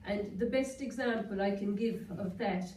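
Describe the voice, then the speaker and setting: A woman with a soft, mellow Kerry Irish accent gives a chatty, anecdotal talk to a gathered audience. She is picked up from some distance, so her voice rings around a reverberant room. A faint hiss sits under the recording. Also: mid-range voice, normal speed. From Ireland. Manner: chatty, anecdotal, quoting sayings. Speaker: guest lecturer. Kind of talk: public talk. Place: lecture room, indoors.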